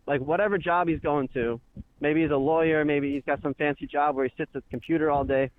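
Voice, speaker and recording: A man calling in to a talk show, telling a story casually and acting out the quotes of people he argued with. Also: on the high side. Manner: animated, acts out shouted quotes. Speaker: caller. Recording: tinny phone line, dry.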